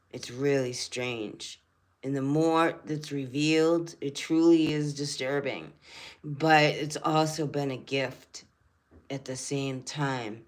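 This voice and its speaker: Earnest, rambling older woman. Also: extremely low pitch. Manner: earnest, rambling, repeats phrases. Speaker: spiritual channel host. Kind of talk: casual livestream talk.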